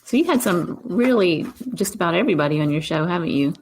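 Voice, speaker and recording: Gravelly-voiced woman podcast interviewer. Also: lowish voice, expressive, quick pace, darkish tone, a little hiss or hum. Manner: friendly, laughs often, short replies. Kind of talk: casual interview.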